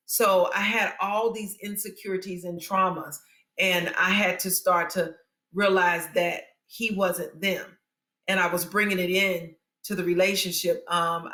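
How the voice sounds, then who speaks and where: A woman's voice: lowish voice, fairly bright tone, reverberant. A middle-aged woman talking candidly on a podcast, open and confiding with playful asides. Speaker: guest, spiritual mother.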